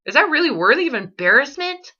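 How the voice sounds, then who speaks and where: A woman's voice: high voice, very animated, quick pace, sharp tone, dull audio. A woman coaching a client on eating disorder recovery, blunt and pressing, swearing and repeating her questions. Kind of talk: confrontational coaching session.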